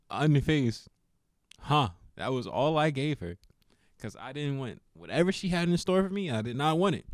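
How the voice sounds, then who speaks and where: A man's voice: medium pitch, dry recording, studio quality. A young man telling a funny personal story in a casual vlog, laughing often and acting out what people said. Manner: animated, laughs often, acts out quotes.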